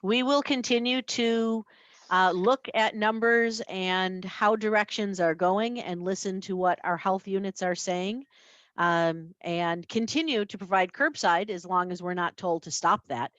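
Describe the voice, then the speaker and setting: A woman, the library's chief executive, giving her report at a board meeting and explaining her decisions in a measured way with a few fillers. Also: medium pitch, fairly bright tone, dry recording, muffled recording. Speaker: library CEO.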